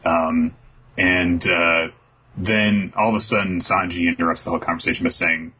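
A man's voice: sits low, steady tone, normal speed, sharp tone, slightly rough. A man recapping a story in casual, rambling talk, swearing and acting out the lines of each figure. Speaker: podcast host.

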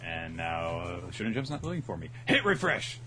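A man's voice: sits low, lively intonation, fairly quick, a little hiss or hum. A man co-hosting a casual podcast, chatting about comic chapters. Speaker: podcast co-host. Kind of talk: casual manga discussion.

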